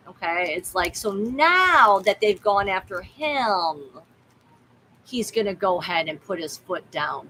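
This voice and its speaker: A woman's voice: medium pitch, fairly bright tone, slight background noise, low-quality recording. A woman who hosts a tarot livestream, chatting in a candid, rambling way and swearing bluntly. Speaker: tarot reader and livestream host. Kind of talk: casual livestream chat.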